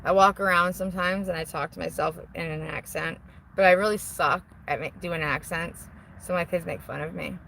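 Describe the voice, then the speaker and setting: A woman's voice: lowish voice, fairly even intonation, moderate pace, creaky, a bit bright, slight background noise, rough recording. A middle-aged woman vlogger reading viewer comments in a casual, rambling chat. She mocks herself, swears freely and laughs often. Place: outdoors on a porch while smoking.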